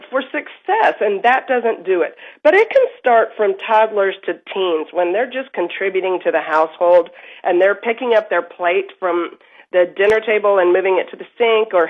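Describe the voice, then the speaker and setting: A woman parenting guest giving emphatic, upbeat advice as a remote guest on a morning TV show. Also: medium pitch. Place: Dallas. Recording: lo-fi remote line.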